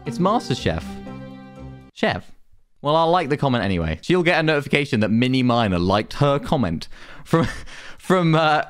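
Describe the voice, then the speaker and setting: Male YouTuber with a sarcastic, animated delivery, soft music underneath. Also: mid-range voice. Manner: dry, sarcastic. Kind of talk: reacting to comments.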